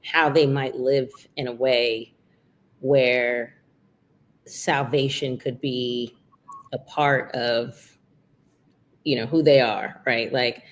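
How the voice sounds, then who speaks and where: A woman with a very deep speaking voice, answering questions as a guest author and minister. She thinks out loud, circling back with "you know" and "right" as she builds a point. Her talk is calm and conversational. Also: slow, long pauses. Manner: thoughtful, talks through ideas with many fillers. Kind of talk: reflective conversational interview.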